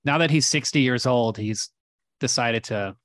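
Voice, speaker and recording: A man's voice: mid-range voice, normal speed, a bit bright, no room sound, clean studio sound. A man riffing in casual podcast banter, often trailing off mid-sentence.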